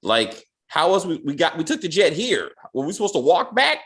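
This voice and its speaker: A man's voice: fairly high pitch, sing-song, a little fast, a bit bright. A man hosting a casual review chat, joking and using loose slang. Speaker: podcast host reviewing a TV episode.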